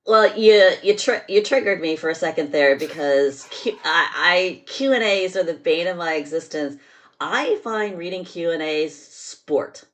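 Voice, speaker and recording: A woman's voice: on the low side, unhurried. A woman hosting a podcast, talking bluntly and with exasperated asides in casual chat. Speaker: podcast host.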